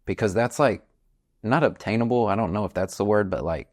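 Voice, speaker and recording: Brief: young adult male podcast host, low pitch, sincere and searching for words. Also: brisk. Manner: earnest, hesitant, frequent likes. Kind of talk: casual chat.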